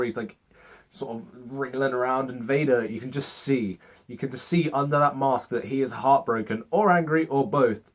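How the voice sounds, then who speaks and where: A man's voice: mid-range voice, breathy edge. A young man giving a casual, sarcastic movie review, swearing freely and acting out scenes in mock voices.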